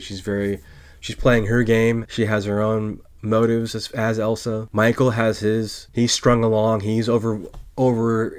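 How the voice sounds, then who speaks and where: A man casually reviewing an old film noir, talking straight to his viewers with loose restarts and asides. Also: mid-range voice.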